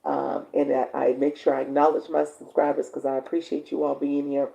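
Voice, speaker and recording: A woman hosts a casual live stream, coaching her viewers in an encouraging, chatty way. Her voice is very gravelly and dark. She reads their comments aloud and answers them as she goes. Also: a little fast, few pauses, poor audio. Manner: encouraging, chatty, bursts into high excited laughter.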